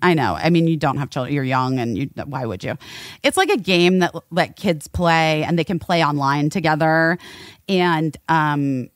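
A woman's voice: sits low, normal speed, no room sound, clean studio sound. A woman hosting a podcast, telling a story in casual chat with lots of swearing and filler words. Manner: animated, swears, many "like" fillers. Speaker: podcast host.

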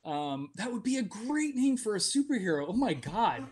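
A man's voice: sits high, sing-song, normal speed, slight background noise. A man from Virginia narrating as game master of a tabletop game, rambling and self-mocking.

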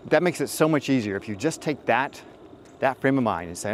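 This middle-aged dating advice host talks briskly and expressively at a medium pitch. His casual storytelling monologue wanders, packed with fillers and candid, profane asides.

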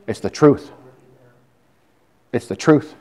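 A man's voice: medium pitch, takes it slowly, a little mellow. A man preaching defiantly to a congregation, calling listeners brother and sister. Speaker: lay preacher. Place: church hall with audience.

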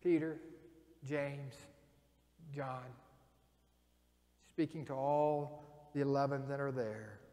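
A man's voice: medium pitch, steady tone, takes it slowly, long pauses, warm tone. A man preaching a sermon in a church, telling a story and acting out the voices in it. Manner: storytelling, acts out quoted voices. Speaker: pastor. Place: church sanctuary. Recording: long reverb of a church hall.

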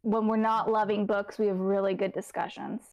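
A woman with an ordinary mid-range voice talks through a book club decision on a casual livestream. She muses hesitantly, pausing often and filling the gaps with ums as she thinks aloud. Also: mid-range voice, flat delivery, a little mellow.

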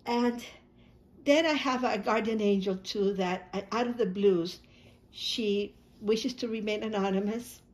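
A woman's voice: medium pitch, measured pace, darkish tone. A woman hosting her own video channel, talking casually and emotionally to her viewers, full of thanks and frequent restarts. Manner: emotional, grateful, many restarts and repeated words. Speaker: YouTube channel host.

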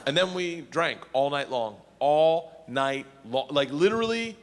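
A man doing stand-up storytelling, animated and shouting his punchlines, recorded live in a reverberant hall. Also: on the high side, unhurried. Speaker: stand-up comedian. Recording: live comedy hall reverb, faint noise.

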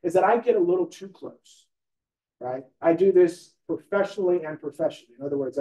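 A man's voice: fairly high pitch, a little mellow, dull audio. A man teaching a live training class in a conversational way, often asking the room questions and checking in with "right?". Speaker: real estate trainer. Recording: echoey room recorded from a distance.

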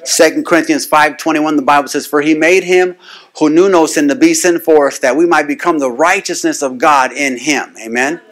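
Guy preaching a sermon, kinda high voice, keeps asking amen and ramps up the repeats. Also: normal speed, a bit bright. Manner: call-and-response, frequent "amen?" to the congregation; builds to rising, insistent repetition.

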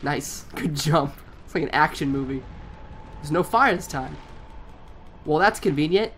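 A man's voice: on the high side, animated, unhurried, fairly bright tone, slight background noise. A man co-hosting a let's play, chatting casually and joking, laughing often. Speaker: co-host of a gaming let's play. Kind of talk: casual gaming chat.

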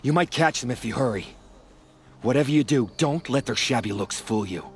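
A man's voice: mid-range voice, lively intonation, fairly quick, a little hiss or hum, close to an everyday voice. An actor playing a selfish, complaining male village healer in a game, speaking with indignant drama. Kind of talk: game character dialogue.

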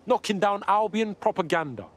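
A man's voice: high voice, animated, moderate pace. A man voicing a casual, confident resistance operative in a game. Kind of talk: video game dialogue.

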